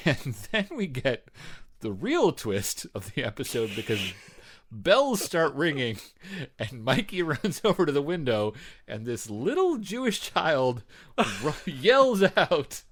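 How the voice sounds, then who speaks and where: A man's voice: medium pitch, big pitch swings, unhurried. A man co-hosting a podcast in casual chat, talkative and laughing often as he trails off and restarts. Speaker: podcast co-host.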